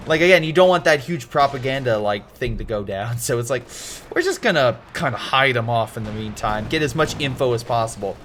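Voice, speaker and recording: A man's voice: mid-range voice, lively intonation, a little fast, fairly bright tone, faint music behind. Rambling man commentating a game replay. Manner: rambling, chatty, many fillers and restarts. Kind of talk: casual game commentary with history tangents.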